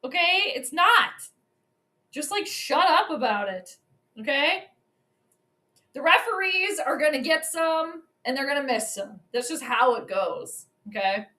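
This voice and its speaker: Excitable high-voiced woman streamer. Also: measured pace. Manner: chatty, excitable, talks to viewers directly. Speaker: livestream host doing game commentary. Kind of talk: casual live commentary.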